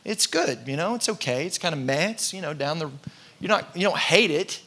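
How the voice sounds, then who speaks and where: A man, a pastor preaching a sermon to his congregation and telling funny personal stories in a relaxed, conversational way. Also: on the high side, moderate pace. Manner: conversational, self-deprecating storytelling with laughs. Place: church in front of a congregation.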